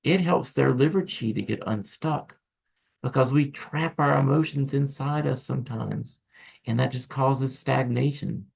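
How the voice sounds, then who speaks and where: A middle-aged man gives a casual acupuncture lecture in an animated, joking way, often turning to speak straight to the viewer. His medium-pitched voice has a gravelly, creaky texture. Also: measured pace. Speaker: acupuncture instructor.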